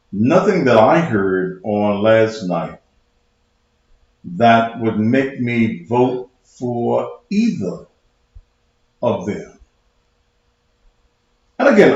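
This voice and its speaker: A man hosts his talk show in a loose monologue, a little out of breath and leaning on repetition to make his points. He talks at an unhurried pace. His voice sounds dull and is swallowed by a very echoey room. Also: mid-range voice, a little mellow. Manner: loose, conversational, emphatic with repetition.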